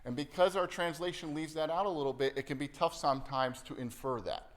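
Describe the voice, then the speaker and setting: A man's voice: a little high, steady tone, fairly quick. A man, the pastor, preaching a sermon in a conversational style. He keeps checking in with the congregation and acts out quoted lines playfully. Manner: conversational, checks in with the room often ("right?", "okay?").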